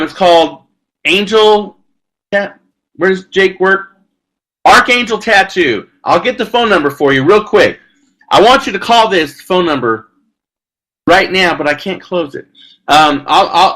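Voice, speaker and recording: A man's voice: a little high, bright, forceful tone, rough recording. A man hosting a live sports betting show, talking brashly and loosely while reading out viewer comments. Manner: brash, loose and chatty, with frequent "freaking" and crude jokes. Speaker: sports talk show host.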